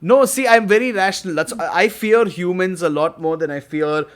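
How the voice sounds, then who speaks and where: A man's voice: high voice, normal speed. A young man co-hosting a podcast, chatting casually, laughing and acting out what people said. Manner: animated, laughing, acts out quotes loudly. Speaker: podcast co-host. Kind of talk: casual chat.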